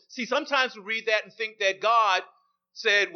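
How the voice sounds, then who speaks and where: A man's voice: high-pitched, moderate pace. A man preaching a sermon, emphatic and repeating his key phrases for weight. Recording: dull lo-fi recording.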